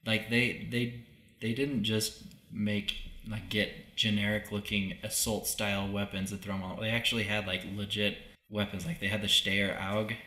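A man's voice: fairly low pitch, level tone, normal speed, pushed and bright. A man guest on a podcast, talking casually and eagerly, often correcting himself. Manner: enthusiastic, self-correcting. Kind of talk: casual chat. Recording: roomy echo.

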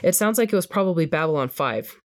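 A woman reading aloud as a patient but exasperated young man explaining things to his roommate, in her own low voice. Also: lively intonation, fast talker. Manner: plainly read, explaining.

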